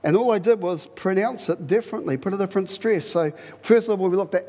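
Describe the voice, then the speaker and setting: A man preaching a sermon in a lively, conversational way, repeating phrases for emphasis. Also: high-pitched, a little fast, few pauses, in a large hall. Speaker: pastor.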